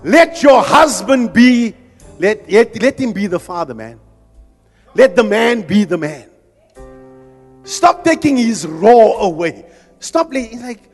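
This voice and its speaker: Male preacher, very high voice, fervent sermon, shouting at times, long hall reverb. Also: sing-song, slow, long pauses, faint music behind. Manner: impassioned, rising to shouts, jokes with the crowd. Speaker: preacher at a men's conference.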